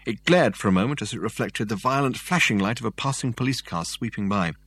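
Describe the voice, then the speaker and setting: A man reading a novel aloud as narrator in a dry, measured way. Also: lowish voice, a bit bright, slightly rough. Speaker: audiobook narrator. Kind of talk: scripted narration.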